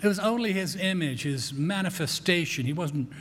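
A man delivers a sermon in an easygoing, conversational way, often restarting words and breaking into asides. His voice sits a little high for a man. The sound carries the long reverb of a church sanctuary. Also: lively intonation, normal speed, fairly bright tone. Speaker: pastor.

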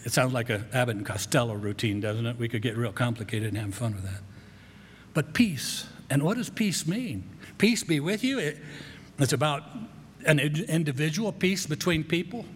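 A man preaching a sermon in a relaxed, folksy way, often repeating words as he talks. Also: mid-range voice, normal speed, a little hiss or hum. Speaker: pastor. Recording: echoey hall.

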